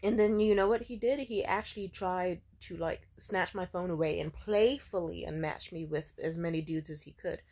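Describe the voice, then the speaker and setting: A woman's voice: fairly low pitch, normal speed, few pauses, mellow. A young woman talking in a rambling, profane, casual monologue full of filler words. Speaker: vlogger.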